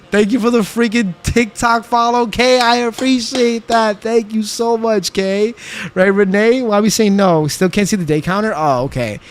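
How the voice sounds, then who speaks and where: A man's voice: high-pitched, slight background noise. A young man streaming a game, chatting casually and talking back to his chat while he builds. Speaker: livestreamer.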